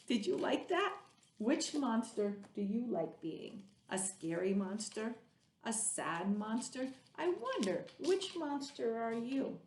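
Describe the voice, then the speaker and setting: A woman teaching a remote preschool lesson, reading rhymes and chatting to little children. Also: mid-range voice. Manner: slow, singsong, animated storytelling. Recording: roomy echo, faint background noise.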